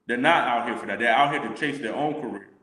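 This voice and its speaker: A man leading a casual religious discussion, reading scripture slowly and deliberately. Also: medium pitch, pushed and bright. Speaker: scripture teacher. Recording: echoey room with long reverb.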